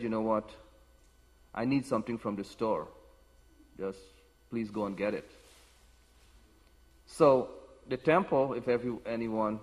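A man giving a devotional talk, telling personal stories in an unhurried way with frequent restarts. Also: mid-range voice. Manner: unhurried storytelling with many restarts. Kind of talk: sermon with personal anecdotes. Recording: long hall reverb.

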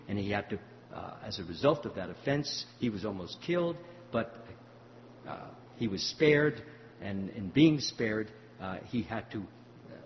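Older guy teaching at a temple, muffled recording in a big echoing hall, faint hum. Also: lowish voice. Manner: storytelling, acts out dialogue, halting with fillers. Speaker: spiritual teacher. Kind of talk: devotional talk answering questions.

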